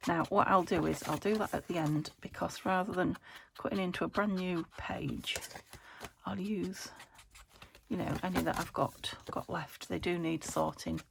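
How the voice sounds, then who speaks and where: Rambling British craft host, low voice with some fry, talks to herself at the desk, faint hiss behind. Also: female voice, steady tone, normal speed. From United Kingdom. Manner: rambling, thinks aloud, laughs often. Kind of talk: chatty crafting vlog. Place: home craft room.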